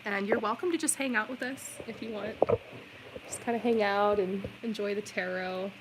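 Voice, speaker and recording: A woman doing a live-stream tarot reading, chatty and reassuring, with plenty of "like" and "um" fillers. Her voice sits at a middle pitch, and faint background noise runs under the stream. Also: moderate pace. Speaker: tarot reader.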